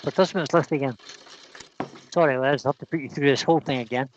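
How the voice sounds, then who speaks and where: A man hosts a relaxed livestream, his voice sitting right in the middle of the male range. He rattles through long lists of viewer names in a casual, easy-going way and laughs readily between them. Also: medium pitch, fast, muffled recording, slight background noise. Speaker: livestream host.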